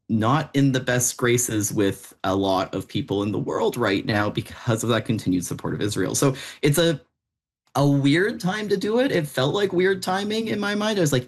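A Canadian man speaking as a panelist, explaining at a measured pace. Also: medium pitch. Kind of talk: panel discussion.

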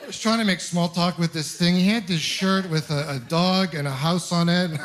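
A young man doing stand-up comedy with an exasperated, incredulous delivery and quick asides, on a club stage with a handheld mic. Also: high voice, fairly even intonation, a bit bright, a little hiss or hum.

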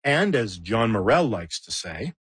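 Male documentary host, husky and animated, with dry close sound and wry humor. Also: fairly low pitch, a little slow, no echo. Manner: playful, wry asides. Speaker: host and narrator. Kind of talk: scripted documentary narration.

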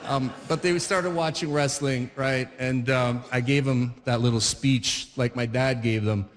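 A man telling stand-up stories in an animated way, full of fillers and acted-out voices. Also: mid-range voice, a little slow, in a large hall. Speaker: stand-up comedian. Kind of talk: stand-up comedy storytelling.

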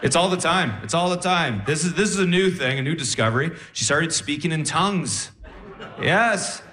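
Animated man doing stand-up. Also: on the high side, normal speed. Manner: animated storytelling with acted-out voices. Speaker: stand-up comedian. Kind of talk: stand-up comedy routine. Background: audience laughter.

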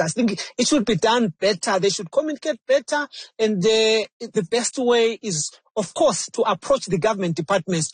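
Husky-voiced man explaining earnestly. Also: high voice, no echo. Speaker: journalist guest. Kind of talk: interview answer.

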